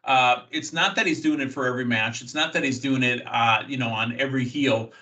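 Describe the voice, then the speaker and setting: A man from the United States hosts a wrestling news show, talking in a loose, chatty way full of uh and you know. His voice is bright and forceful, at a middling pitch. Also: a little fast, rough recording. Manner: chatty, thinks aloud with many fillers. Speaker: podcast host. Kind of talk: casual wrestling news talk.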